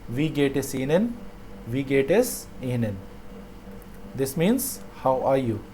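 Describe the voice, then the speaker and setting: Mellow-voiced male language teacher. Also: medium pitch, very animated, slight background noise. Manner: repeats phrases slowly and explains them. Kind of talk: online language lesson.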